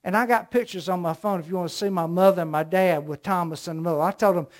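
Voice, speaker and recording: Southern male preacher, middle-aged, high tenor, punches key words, tells stories from the pulpit. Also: fast. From American South. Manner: emphatic, storytelling preacher with rising emphasis. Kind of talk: sermon.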